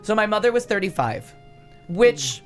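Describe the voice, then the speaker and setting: A man's voice: high-pitched, sing-song, moderate pace, faint music behind. A man in his forties from upstate New York, telling a story in casual chat with sarcastic, wry humor. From Niagara Falls, New York.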